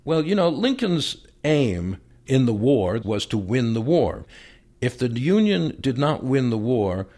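A man, a historian guest on a radio interview, explaining in a measured way and chuckling now and then. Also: medium pitch, big pitch swings, warm tone. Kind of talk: radio interview, then reading a speech aloud.

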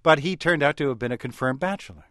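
A man's voice: on the high side, fast talker, fairly bright tone, no echo, clean studio sound. A man hosting an interview, prompting his guest with leading questions and wry asides. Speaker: radio interviewer host.

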